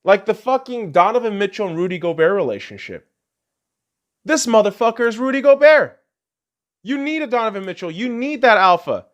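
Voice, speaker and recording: A man hosting a podcast, delivering a profane, heckling sports rant in a casual, animated way. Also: high-pitched, a little fast. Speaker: podcast host.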